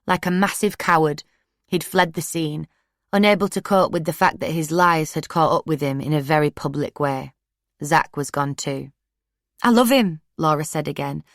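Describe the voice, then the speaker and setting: Brief: woman, low voice, steady first-person audiobook read, dry close mic. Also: moderate pace, dry recording. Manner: steady, plain-spoken storytelling. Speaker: audiobook narrator. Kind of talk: first-person true crime audiobook narration.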